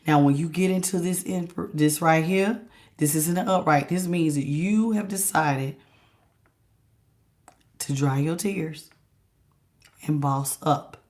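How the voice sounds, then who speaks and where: A woman giving a tarot reading to her viewers, talking in an animated, emphatic and casual slangy way. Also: sits low, slow pace, long pauses. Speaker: tarot reader. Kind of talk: direct-to-camera tarot reading.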